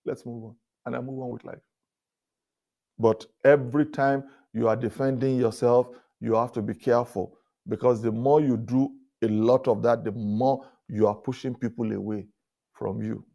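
A male pastor giving a leadership talk at a conference, telling stories with chuckles and repeated words, often rising loud for emphasis. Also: mid-range voice, fairly even intonation, normal speed, vocal fry. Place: conference stage before an audience.

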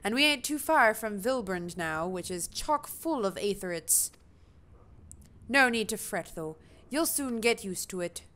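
A talkative male trader on a sailing ship rambles on in a rough attempt at a British accent, put on by a woman. The lines come out read and halting, as if off a screen. The pitch stays in a middle range. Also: animated, fairly bright tone. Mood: folksy. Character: grizzled male peddler on a ship, chatty.

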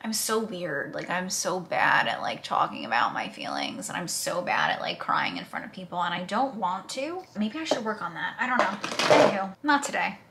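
A woman's voice: on the low side, big pitch swings, normal speed, gravelly, background noise. A woman vlogger talking casually through her makeup routine, chatty and self-deprecating as she narrates each step. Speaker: beauty vlogger. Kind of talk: casual makeup tutorial chat.

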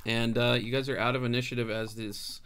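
A man's voice: medium pitch, level tone, a little fast, fairly bright tone, a little hiss or hum. Man narrating as game master. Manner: loose, laughing narration with fillers.

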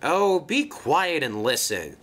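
Man doing a blunt, gruff engine. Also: a little high, sing-song, slow, a bit bright, exaggerated voice. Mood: brusque.

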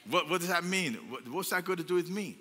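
A man's voice: sits high, fast, sharp tone, slight background noise. Preaching man in an echoing hall. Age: older. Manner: emphatic, repetitive preaching with rhetorical questions. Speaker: pastor. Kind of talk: sermon. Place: church hall. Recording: long church hall reverb.

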